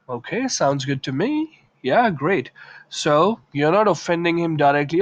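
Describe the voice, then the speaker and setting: A man's voice: fairly high pitch, expressive, a little slow, dull audio. A man teaching English in a casual video lesson, chatting through examples and acting out short lines.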